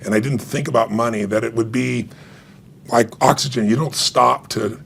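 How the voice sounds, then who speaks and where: A middle-aged man, an author being interviewed, telling an emotional story with animated retold dialogue and frequent laughs. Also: mid-range voice, moderate pace, creaky, slightly rough. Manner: animated, acts out quoted dialogue, laughs often. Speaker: author and guest.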